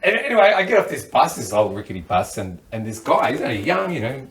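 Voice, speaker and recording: Australian comedian, animated storyteller, mid-pitched, voice a little distant from the mic. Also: male voice, quick pace, reverberant. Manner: animated, rambling, acts out other people's lines. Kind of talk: comic storytelling. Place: studio panel.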